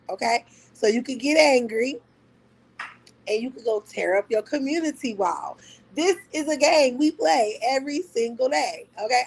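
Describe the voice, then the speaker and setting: A high-voiced woman holds forth on her livestream in a loose, casual rant. She mocks her target with profane trash talk and breaks into laughter often. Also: creaky, slightly rough, poor audio. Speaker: livestream host. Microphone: talking to a phone on a live stream.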